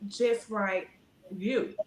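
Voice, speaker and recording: A middle-aged woman, talking in a casual interview and filling her speech with "you know", getting lively when she tells stories. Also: mid-range voice, extremely slow, reverberant, slight background noise. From Alabama. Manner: rambling, frequent "you know" fillers; animated when telling stories. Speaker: guest.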